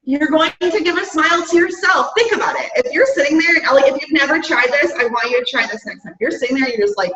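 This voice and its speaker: A woman's voice: sits high, fast talker, few pauses, bright, forceful tone. A woman giving an upbeat, chatty motivational talk to her business team, often saying "guys" and "right?". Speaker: fitness business coach. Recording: roomy, distant, dull-sounding mic.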